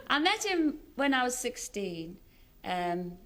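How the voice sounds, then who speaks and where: A woman's voice: a little high, big pitch swings, slow, fairly bright tone. A woman in her thirties with a Scouse accent, a chatty chat show guest who laughs often and pokes fun at herself. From Liverpool, England. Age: 30s. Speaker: celebrity guest.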